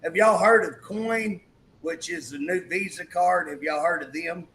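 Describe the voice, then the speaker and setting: A man's voice: high-pitched, a little slow, fairly bright tone, slight background noise, rough recording. A male talk show host chatting emphatically, retelling a story and acting out the quotes. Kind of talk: political talk show chat.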